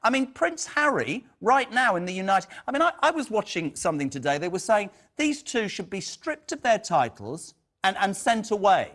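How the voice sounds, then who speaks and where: A man's voice: sits high, very animated, moderate pace, hardly any pauses, fairly bright tone. A man hosting a TV panel debate, asking combative, incredulous questions. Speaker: TV host.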